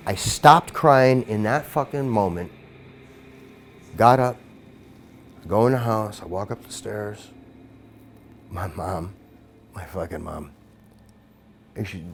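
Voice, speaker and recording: A middle-aged man recounting a childhood memory in an interview, swearing constantly, his voice surging loud and then dropping low. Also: a little slow, pauses often, a little hiss or hum. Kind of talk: emotional storytelling.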